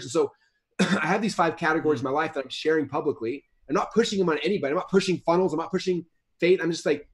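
A man's voice: on the high side, very fast. A man in his thirties, a guest author in a casual interview, talking in a rambling way with many restarts and repeated words.

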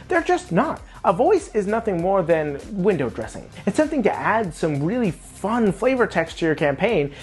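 A woman with a low, dark-toned voice hosts a tabletop game advice talk. Her delivery swings lively and emphatic as she speaks directly to her viewers, with soft music just under her. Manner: conversational, emphatic, talking straight to viewers. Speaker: host.

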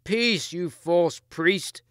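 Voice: mid-range voice, very slow, fairly bright tone, smooth, dry recording, studio quality, voice pushed up. A man voicing a treacherous usurper knight, arrogant and defiant, drawing out his scornful words.

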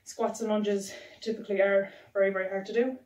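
A woman's voice: mid-range voice, little pitch movement, a little fast, darkish tone. A woman instructing a home workout, counting reps aloud while exercising, out of breath. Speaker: fitness instructor. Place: room at home. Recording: roomy sound from a distant camera.

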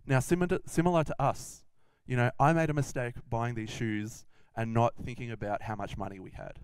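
A man's voice: medium pitch, fairly even intonation, moderate pace, smooth, dry recording. Chatty man telling kids a Bible story. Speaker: children's minister. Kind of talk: children's Bible message.

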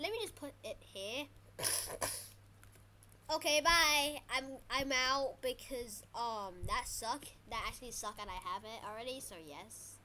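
A woman giving casual gameplay commentary as a channel host, excitable and trash-talking her opponents. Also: high voice, slight background noise.

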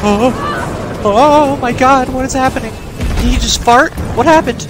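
A man streaming a horror game, commenting in an excitable way, swearing and yelping at scares. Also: very high-pitched, measured pace, background noise. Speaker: gaming streamer. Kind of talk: let's play commentary. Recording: game sounds and music behind voice.

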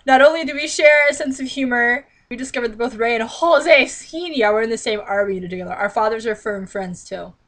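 With a fairly high, fairly bright voice, a woman vlogger reads from a novel at a fairly quick pace with few pauses. She repeatedly stops to mock it with exasperated, sarcastic commentary.

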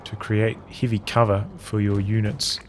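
A man giving calm, analytical play-by-play commentary on a strategy game match. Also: lowish voice, normal speed, background noise. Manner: calm, analytical, even-paced. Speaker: game caster. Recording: commentary over loud game sound. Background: gunfire, artillery and vehicles.

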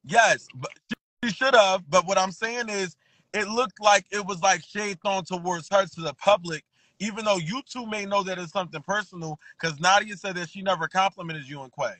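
A man's voice: high voice, normal speed, pushed and bright, no room sound, low-quality recording. A man hosting a casual live stream chat, a little tipsy, prodding and steering the talk.

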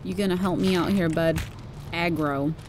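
A woman's voice: fairly low pitch, fairly even intonation, normal speed. A woman in her thirties playing a video game with giggly, chatty commentary. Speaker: gaming YouTuber. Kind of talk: let's play commentary. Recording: commentary over game music.

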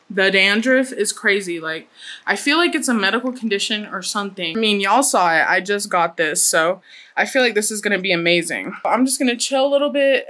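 A woman's voice: mid-range voice, sharp tone. A young woman chatting casually in a personal vlog, candid and loose, swearing now and then. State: out of breath after a workout. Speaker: vlogger.

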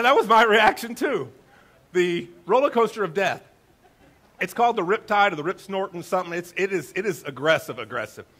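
A middle-aged male pastor telling a funny story in a sermon, with a lively, self-mocking manner. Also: sits high.

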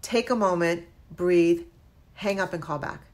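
A woman realtor telling viewers about a scam call in a casual, earnest vlog, animated as she warns them. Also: on the low side, a little slow.

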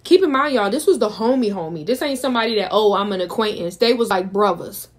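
A woman's voice: on the high side, expressive, quick pace. Chatty woman telling a dramatic story. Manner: chatty, dramatic, talks straight to her viewers. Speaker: vlogger. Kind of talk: casual storytime.

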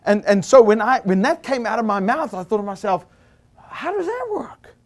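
Preaching to Bible college listeners, this South African man tells his sermon as a story at a slightly fast clip. His delivery stays lively, swelling into shouts whenever he reaches a high point.

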